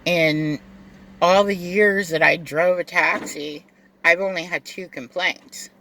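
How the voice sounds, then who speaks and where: Slow, bright-voiced rideshare driver telling a story. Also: mid-range voice, slight background noise. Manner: animated, acts out both sides of dialogue. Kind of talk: casual storytelling to camera.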